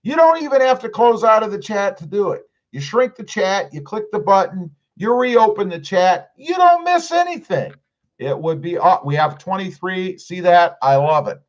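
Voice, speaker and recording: A middle-aged man hosts a relaxed live stream, reading chat comments out loud and joking back at them. His voice sits a bit high and moves all over the place. The audio sounds dull and lo-fi. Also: normal speed, hardly any pauses. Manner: chatty, jokey, reads comments aloud. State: clearing his throat.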